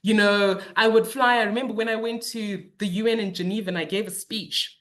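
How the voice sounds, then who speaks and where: A middle-aged woman speaks with candor about her own hard experiences. Her telling is animated and emotional, and she fills it out with many fillers along the way. She talks as a lawyer and politician speaking on a webinar. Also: medium pitch, brisk. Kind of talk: candid personal testimony in a webinar talk.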